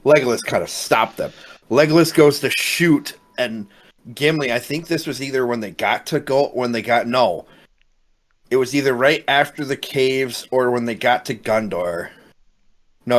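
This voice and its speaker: A man co-hosting a podcast, retelling movie scenes in a rambling, animated way with casual swearing. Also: medium pitch. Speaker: podcast co-host.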